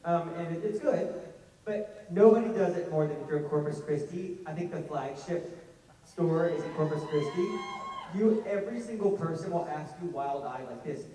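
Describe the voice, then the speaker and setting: A man with a Southern accent and a fairly high voice rambles through funny stories at a fan convention panel. He is self-mocking and full of animated asides. He is heard from a distance in a vast, echoing hall. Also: normal speed, a little hiss or hum. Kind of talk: casual storytelling to an audience. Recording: echoey hall, heard from far off.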